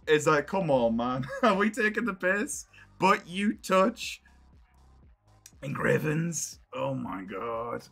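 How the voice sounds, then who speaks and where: Bright-voiced exasperated streamer, swearing. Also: male voice, a little high, very animated, slow pace, creaky, soft background music. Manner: exasperated, swearing, thinking aloud. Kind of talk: live stream reaction.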